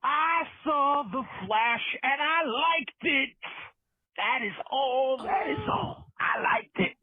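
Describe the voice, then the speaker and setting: A man's voice: extremely high pitch, lively intonation, slow pace, no room sound, voice pushed up, exaggerated voice. A man voicing an earnest young boy who leaves a short, blunt voicemail in a comedic bit, played over the phone. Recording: tinny phone-line voicemail.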